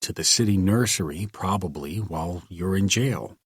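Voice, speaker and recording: A man voicing a hot-tempered but practical jailed man in a storybook reading, talking in a steady, reassuring way. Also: sits low, moderate pace, slightly rough, no echo, clean studio sound.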